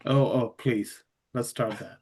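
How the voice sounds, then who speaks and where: A man's voice: mid-range voice, takes it slowly, a little mellow, husky. Hesitant male podcast host. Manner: hesitant, lots of fillers, encouraging. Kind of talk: casual podcast interview.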